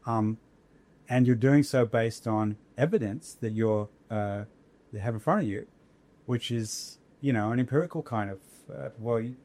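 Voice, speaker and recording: A man's voice: mid-range voice, normal speed, a little mellow. A man, an academic guest, explaining ideas in conversation, thoughtful and searching for words with frequent restarts.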